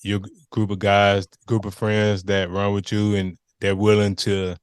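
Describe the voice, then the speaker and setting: Smooth, low-voiced podcast host. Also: male voice, monotone, no room sound, studio quality. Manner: affirming, quick, casual with "man" and "like". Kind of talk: casual interview chat.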